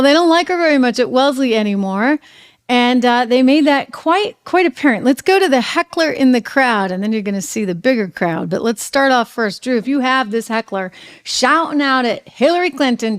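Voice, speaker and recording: A middle-aged woman hosting a political commentary show, talking in a sarcastic, animated way to her viewers. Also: a little high, fairly quick. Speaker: host.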